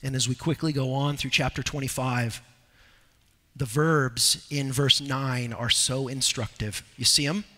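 A man preaching an expository sermon as pastor, moving between loud, urgent exhortation and low, quiet earnestness. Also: steady tone, a little slow, in a large hall. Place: church sanctuary.

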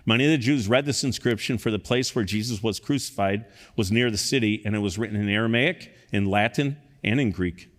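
A man preaching a sermon, reading scripture aloud and rising to loud, emphatic peaks. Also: lowish voice, brisk, in a large hall. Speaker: pastor.

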